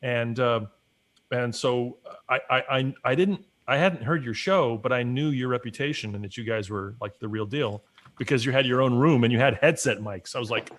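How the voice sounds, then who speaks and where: A man's voice: mid-range voice, normal speed. A man in casual livestream chat, telling stories with energy and acting out what he and others said. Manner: animated storyteller who acts out his own quotes. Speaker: guest and regular collaborator.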